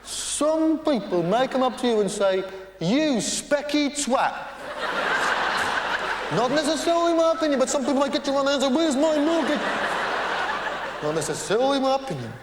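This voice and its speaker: A man's voice: very high-pitched, expressive, moderate pace, pauses often, heavy background noise, voice pushed up. A man impersonating a smug older male TV political interviewer who delivers insults with sly, mock-polite drawling. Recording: echoey theatre with crowd.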